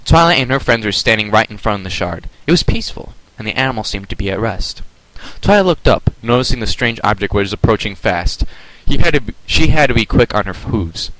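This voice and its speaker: Lively amateur male storyteller. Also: mid-range voice, brisk, no echo, poor audio. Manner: lively, stumbles and corrects himself. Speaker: reader of his own fan story. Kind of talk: amateur dramatic reading.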